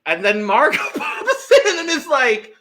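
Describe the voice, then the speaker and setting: Animated bright-voiced man recapping reality TV. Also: extremely high pitch, a little slow. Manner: animated, acts out quotes from the show. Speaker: podcast co-host. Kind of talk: casual reality-TV recap chat.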